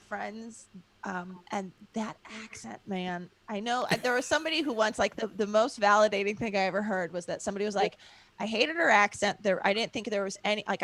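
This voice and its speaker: A woman's voice: mid-range voice, a little fast, a bit bright, no room sound. A woman with a Chicago accent, a panelist in a casual chat, talking in a chatty way with lots of fillers.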